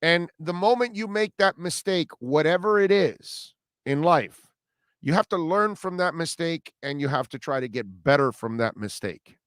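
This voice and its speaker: A man's voice: fairly high pitch, expressive, normal speed, a bit bright, smooth, no room sound, clean studio sound. A middle-aged man hosting a sports radio show, delivering a blunt, preachy monologue in short, punchy, emphatic bursts. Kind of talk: opinionated sports talk monologue.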